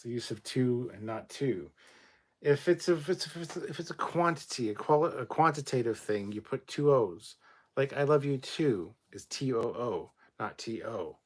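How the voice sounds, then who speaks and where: A man hosting a casual livestream, reading viewer comments aloud and adding quick, swearing asides. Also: mid-range voice, expressive, breathy edge. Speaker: livestream host reading chat.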